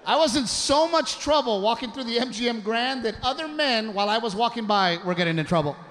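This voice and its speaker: A man tells stand-up stories on a comedy stage, animated and shouting some punchlines. His voice sits high for a man. The live recording carries clear audience noise. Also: a little fast. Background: audience laughter.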